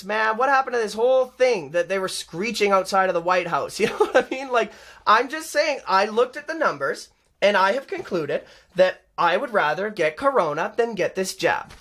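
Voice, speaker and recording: A man's voice: high-pitched, lively intonation, normal speed, a bit bright. A young adult man hosting a live-stream show, ranting in a heated, sarcastic, mocking way. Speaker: show host.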